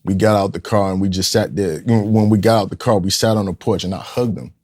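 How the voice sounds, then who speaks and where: A man's voice: on the low side, steady tone, fast talker, a little mellow. A man in his fifties from Newark, a community leader telling a raw, profane personal story in an interview and acting out the voices he quotes. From Newark, New Jersey, USA. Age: 50s. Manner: raw, blunt and profane, with streetwise phrasing; vividly acts out the people he quotes. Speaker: podcast guest, community leader.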